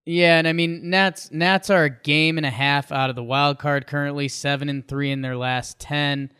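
A man co-hosting a podcast, talking sports in a rambling, animated way with many restarts. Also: fairly high pitch, normal speed, smooth. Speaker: podcast co-host. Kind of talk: casual sports chat.

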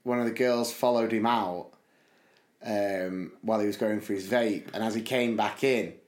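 A man co-hosting a podcast, telling a story in lively casual chat and mimicking his friends' voices. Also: fairly low pitch, moderate pace, echoey room. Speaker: podcast co-host.

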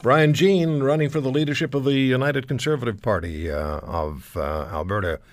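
Male talk show host, conversational, musing, mid pitch, dry close sound. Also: moderate pace, no room sound.

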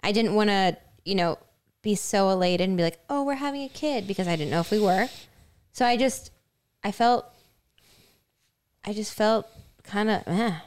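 Young woman cohost rambling through a story, smooth clear voice, lots of likes and ums. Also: mid-range voice, moderate pace, pauses often. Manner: storytelling, frequent fillers. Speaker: podcast co-host. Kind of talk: casual podcast chat.

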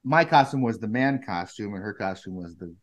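A man hosting a casual chat, telling an anecdote in halting, restarting bursts. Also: fairly low pitch, lively intonation.

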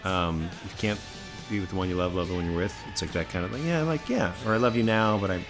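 A middle-aged man with a very low voice co-hosting a podcast, musing aloud and pausing often on fillers. Faint music plays behind him. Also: steady tone. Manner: reflective, hesitant, many fillers. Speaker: podcast co-host. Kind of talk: casual chat.

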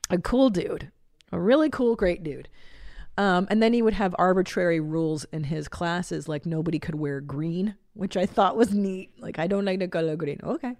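A woman in her forties hosting a podcast in casual chat, blunt and profane with an animated delivery. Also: on the low side, moderate pace, no echo, clean studio sound. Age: 40s. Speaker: podcast host.

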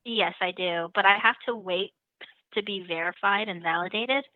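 A young woman on a call-in show spills a story with animated energy and frequent laughs. Her voice comes through a tinny phone line with no room around it. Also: mid-range voice, moderate pace, no room sound. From lives in the Netherlands. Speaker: caller. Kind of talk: casual storytelling.

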